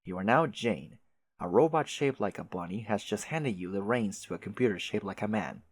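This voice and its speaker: Man reading comic aloud, casual, offhand swearing, low voice, dry close mic. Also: lively intonation, moderate pace, slightly rough, no room sound. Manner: laughing, swearing asides. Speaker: webcomic reader. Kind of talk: casual read-aloud with reactions.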